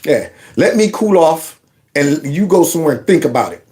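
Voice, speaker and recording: A man's voice: a little high, very animated, moderate pace, darkish tone, pitched below the performer's own voice. A man impersonating an irritated, blunt older male head of state, scolding in casual slang. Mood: exasperated.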